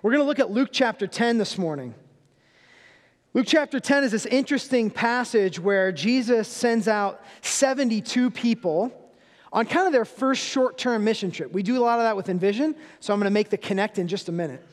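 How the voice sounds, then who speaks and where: A man's voice: high-pitched, moderate pace, big-room sound. A man in his thirties, a guest preacher giving a sermon in a church, telling funny family stories in a conversational way. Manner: humorous storytelling, conversational. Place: church sanctuary.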